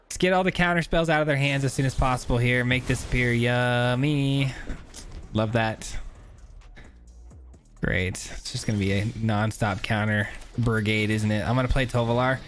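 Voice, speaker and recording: A man's voice: mid-range voice, fairly even intonation, moderate pace, a bit bright, faint music behind. Chatty man commentating his gameplay. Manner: chatty, thinks aloud, frequent filler words. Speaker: gaming YouTuber.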